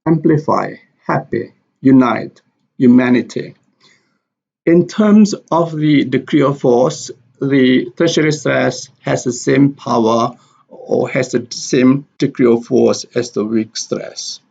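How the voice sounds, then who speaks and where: A man teaching English pronunciation, explaining stress and repeating example words slowly and deliberately. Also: mid-range voice, gravelly, a little mellow. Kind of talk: slow explanatory lesson with spoken examples. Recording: dull lo-fi recording.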